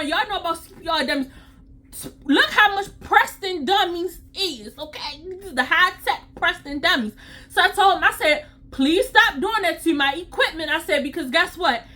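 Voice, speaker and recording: A woman CPR instructor telling a story to her vlog audience in a sassy, animated way. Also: very high voice.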